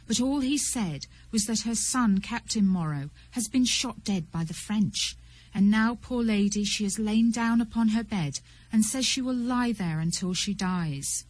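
Woman doing a hushed, anxious villager man. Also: medium pitch, lively intonation, measured pace, no echo, rough recording. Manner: hushed, near whisper.

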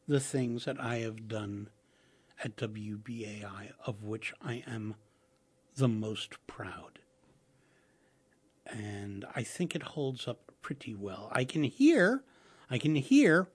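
A man's voice: mid-range voice, slightly rough. An older man hosting a radio program, talking in a rambling, casual way. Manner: rambling, with restarts and fillers. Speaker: radio host and producer.

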